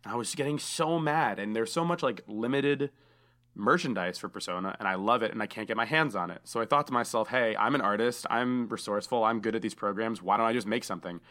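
A man's voice: lowish voice, quick pace, a bit bright. A man hosting a casual podcast, chatty and enthusiastic, saying dude a lot. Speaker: podcast host.

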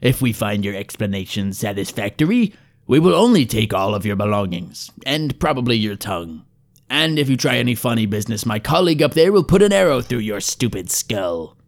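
A man voicing a scarred, greedy male hobgoblin priest in a hoarse, menacing voice, speaking in curt threats. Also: mid-range voice, big pitch swings, a little fast. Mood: threatening.

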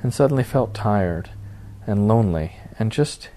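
Man narrating a novel, low and warm. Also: lively intonation, normal speed, a little hiss or hum. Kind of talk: audiobook narration.

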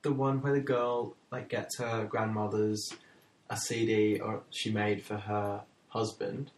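A man's voice: on the low side, little pitch movement, unhurried, a little hiss or hum. A young man chatting casually about ad ideas, hesitant with many fillers. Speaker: co-host discussing ad ideas. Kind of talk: casual chat. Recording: roomy, distant mic.

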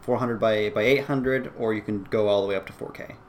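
A man's voice: on the low side, fairly even intonation, fairly quick, a little hiss or hum. A man co-hosting a casual gaming podcast, talking hesitantly with many fillers and easy laughs. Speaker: podcast co-host. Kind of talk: casual chat.

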